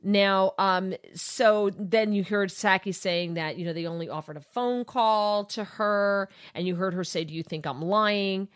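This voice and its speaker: A woman's voice: medium pitch, unhurried, hardly any pauses, clear, resonant tone. Sarcastic woman hosting talk radio. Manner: sarcastic and opinionated. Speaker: radio talk show host. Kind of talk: political radio commentary.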